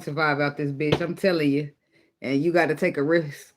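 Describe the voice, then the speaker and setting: A man's voice: fairly high pitch, little pitch movement, moderate pace. A man giving a casual spoken tarot reading, blunt and profane, teasing and laughing often as he goes. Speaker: tarot reader.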